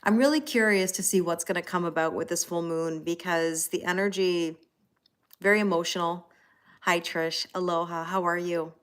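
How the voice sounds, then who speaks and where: Woman, forties, tarot reader on a home livestream. Slightly low voice, chatty, rambling, lots of fillers. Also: fairly even intonation, moderate pace, clear, resonant tone. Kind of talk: casual chat greeting live viewers.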